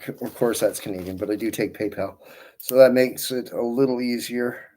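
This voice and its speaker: This man's mid-range, warm voice holds a steady tone at normal speed. Twisting balloons on a livestream, he chats casually, greeting viewers by name and wandering through friendly asides as his hands work.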